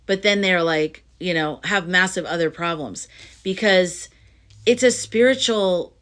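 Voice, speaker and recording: A middle-aged woman with a slightly low voice talks to her viewers in a loose, heartfelt spiritual monologue. She rambles, circles back and restarts her sentences, leaning on fillers as she goes. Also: measured pace, a bit bright. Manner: rambling, earnest, full of "like" and restarts. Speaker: astrology and tarot reader.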